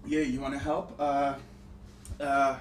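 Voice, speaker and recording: A man playing a loud, bossy middle-aged Italian mother in a comedy sketch, nagging and yelling across the house. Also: medium pitch, completely flat delivery, takes it slowly, noisy background, natural voice.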